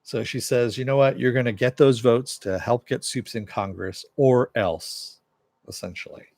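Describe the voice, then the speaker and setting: The voice is mid-range, steady, gravelly and darkish, moving at a normal speed in clean studio sound with no room echo. He's a TV reviewer recapping an episode in loose storytelling fashion, paraphrasing lines with "he goes" amid frequent "uh" fillers.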